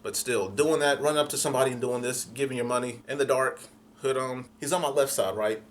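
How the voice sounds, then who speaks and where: A young man telling a comic story in an animated, profane way, acting out voices. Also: medium pitch, fast talker, a little hiss or hum.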